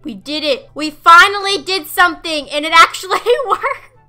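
A woman giving casual gameplay commentary, excitable and giggly, breaking into squealing shouts when chased. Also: very high voice, normal speed, soft background music. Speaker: gaming channel host.

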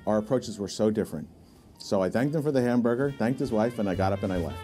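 A man recounting a personal story in a documentary interview, with halting restarts. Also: lowish voice, animated, over music. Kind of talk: reflective storytelling.

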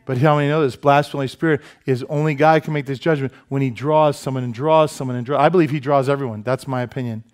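A man preaching from the pulpit, pitch set in the everyday middle. He tells stories with animated asides and pokes fun at himself. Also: fast talker, hardly any pauses. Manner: animated storytelling with asides and self-deprecating humor. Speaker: pastor. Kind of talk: sermon. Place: church sanctuary.

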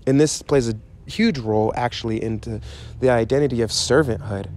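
A man's voice: medium pitch, brisk, darkish tone, a little hiss or hum. A man giving an informal, conversational sermon, emphatic and repetitive in his delivery. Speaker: preacher.

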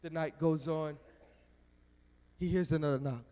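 A male evangelist preaching at a youth rally, telling a story in an animated, dramatic way. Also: a little high, unhurried. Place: church sanctuary. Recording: echoey church sanctuary.

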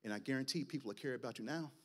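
A man putting on a low, hushed tempting voice. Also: very fast, lightly acted. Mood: sinister coaxing. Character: dark tempting inner voice, low and cold.

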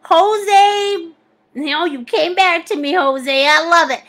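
A woman's voice: extremely high pitch, takes it slowly, a bit bright. A middle-aged woman hosting a live painting class, bubbly and laughing often as she reads out viewers' comments and calls them sweetie and honey. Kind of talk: live-stream chat, reading viewer comments aloud.

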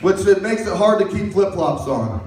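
A male stand-up comic with a high voice who rambles through crude jokes and often laughs at them himself. His set rings through a very echoey room. He sounds well back from the microphone. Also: sing-song, moderate pace, background noise. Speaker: stand-up comedian. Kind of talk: stand-up routine. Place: comedy stage. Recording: echoey room, mic far off.

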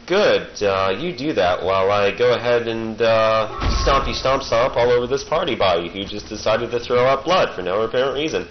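Over music, a man with a lowish voice and lively intonation talks at normal speed with hardly any pauses. He's a let's-play gamer rambling and joking through a video game, recorded muffled with game sounds behind.

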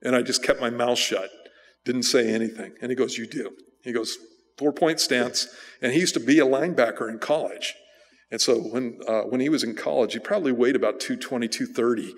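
A male pastor preaching, telling a personal story in a relaxed, conversational way with fillers and restarts. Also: mid-range voice, a little fast. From United States. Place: church sanctuary. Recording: church sanctuary reverb.

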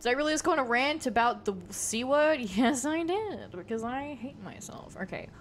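A woman's voice: high-pitched, expressive, normal speed. An Australian woman giving dramatic, exasperated let's-play commentary as a gaming streamer, swearing often.

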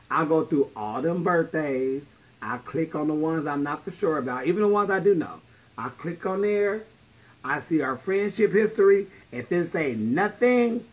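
A sassy man tells stories bluntly into his phone. His voice is husky and sits a little high for a man. The audio is slightly muffled. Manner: sassy, blunt, profane, story-telling. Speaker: drag performer livestreaming. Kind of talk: casual livestream storytelling.

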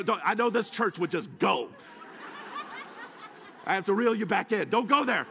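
High-voiced preacher in echoey hall. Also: male voice, expressive, moderate pace, gravelly, long pauses, sharp tone, breathy edge. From USA. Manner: dramatic storytelling with joking asides. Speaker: guest preacher. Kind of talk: sermon. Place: church sanctuary.

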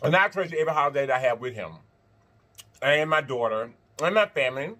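A man hosting an eating-show vlog, chatting to viewers between bites, animated and quick to laugh. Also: medium pitch. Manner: animated, talks straight to viewers, laughs and chants; talks while eating and blowing on hot food. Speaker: mukbang host.

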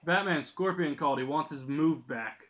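A man's voice: fairly high pitch, moderate pace, fairly bright tone. Joking man from Dublin, lo-fi mic. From Dublin, Ireland. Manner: joking, profane, laughs often. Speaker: gaming channel host. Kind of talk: casual gameplay commentary. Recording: dull lo-fi mic with faint noise.

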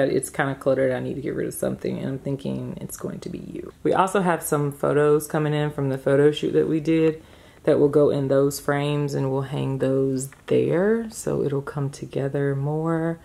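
A woman's voice: deep voice, creaky, dark tone. A young woman chatting casually through a home vlog, rambling with fillers as she shows her living room. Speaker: vlogger, mother.

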